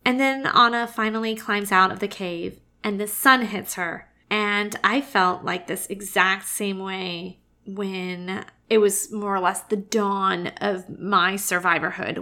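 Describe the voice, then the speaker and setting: A bright, forceful young woman with a drawl, talking straight to camera. She is open-hearted and emphatic and keeps coming back to encouragement. Her pitch stays at an ordinary middle level. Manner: warm, emphatic, says "y'all" and "oh my gosh". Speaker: vlogger, cancer survivor. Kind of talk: heartfelt casual monologue.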